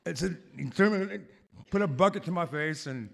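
A man telling a personal story to a live audience, halting and rambling, full of fillers and restarts. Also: on the high side, lively intonation, creaky.

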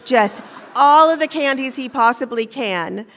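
An older woman from Maine telling a personal story live on stage, in an animated, conversational way, and acting out the voices she quotes. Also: high voice, unhurried. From Maine, USA. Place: stage before an audience.

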